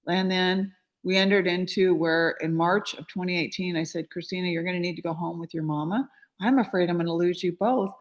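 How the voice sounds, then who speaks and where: A middle-aged woman, a spiritual healer, telling an emotional personal story in a conversational way with frequent fillers, acting out quoted voices with rising pitch and loudness. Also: fairly even intonation, brisk.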